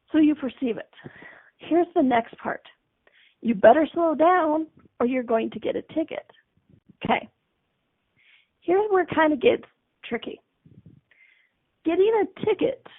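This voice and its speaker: A woman's voice: high voice, vocal fry. A woman hosting a self-help radio show, talking in a chatty way and often checking in with "okay?". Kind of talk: spiritual self-help talk. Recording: phone-like radio broadcast.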